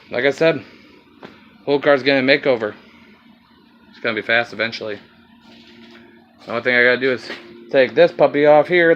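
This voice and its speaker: A man's voice: medium pitch, pushed and bright, dull audio, slight background noise. A man with a slight Southern accent filming a rambling, casual walkaround of his car project, swearing now and then.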